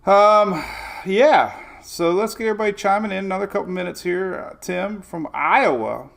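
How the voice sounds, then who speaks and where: Casting: middle-aged male livestream host, gravelly, energetic, chatty. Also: fairly high pitch. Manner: energetic, rambling, greets viewers by name. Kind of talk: casual livestream chat.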